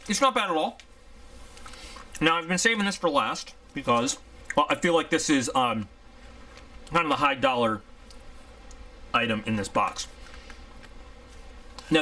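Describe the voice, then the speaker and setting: A man talks through an unboxing in a loose, conversational way. His voice has a bright, forward edge, and he wanders off topic with easy candor. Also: medium pitch. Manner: chatty, rambling, candid. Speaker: product reviewer. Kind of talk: casual unboxing review.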